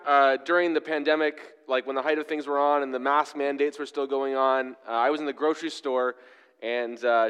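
A man preaching a conversational sermon as pastor, telling a story with relaxed fillers and self-deprecating asides. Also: medium pitch, clear, resonant tone, in a large hall.

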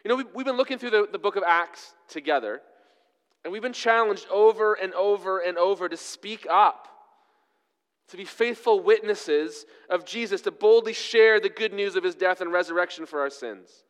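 A man delivers a sermon in a loose, conversational way, full of ums and friendly asides. His voice sits slightly high and comes through smooth and resonant. A long reverb hangs behind him, as in a large church hall. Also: normal speed, fairly bright tone. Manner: conversational, self-deprecating storytelling with fillers. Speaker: pastor.

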